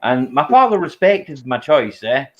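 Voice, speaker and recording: A man from the Scottish Highlands with a Highland accent, chatting in a relaxed, drawling way and ending his phrases with tag questions. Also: measured pace, rough recording. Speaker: co-host. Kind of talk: casual chat.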